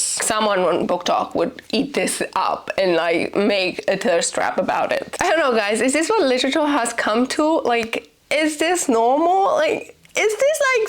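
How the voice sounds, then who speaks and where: A young woman book vlogger ranting casually to camera, swearing and incredulous. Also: on the high side.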